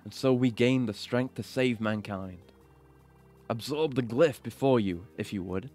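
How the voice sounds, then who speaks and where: A man's voice: mid-range voice, measured pace, a little mellow, faint music behind, natural voice. A man reading the lines of a stern older male mentor in a formal, grave way.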